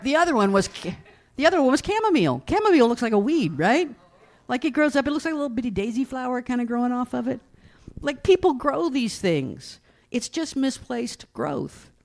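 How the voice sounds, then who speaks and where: Speaking in a lowish voice, a middle-aged East Tennessee pastor tells stories in a folksy sermon and keeps checking in with her congregation by asking "right?".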